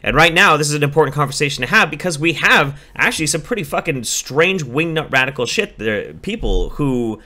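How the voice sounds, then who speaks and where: A man's voice: fairly high pitch, brisk, hardly any pauses. A man on a call, talking bluntly and profanely in a casual debate, telling stories with energy. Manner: blunt, profane, animated storytelling.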